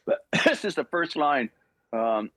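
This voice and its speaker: A man's voice: on the high side, sing-song, unhurried, pushed and bright, dry recording. An older man from Ontario, Canada, a voice actor telling stories as a guest in an interview, acting out dialogue and laughing often. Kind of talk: podcast interview storytelling.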